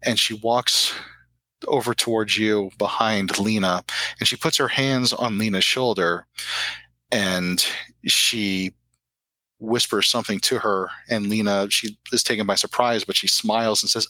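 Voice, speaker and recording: A man narrating as game master of a tabletop role-playing game, describing scenes in a halting way. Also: on the low side, fairly even intonation, sharp tone, dry recording, low-quality recording.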